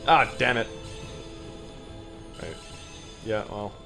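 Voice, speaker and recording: A man streaming a video game, commenting casually and yelling and swearing at it when things go wrong. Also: fairly low pitch, very slow, gravelly, music in the background. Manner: excitable, swears, yells at the game. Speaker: gamer streamer.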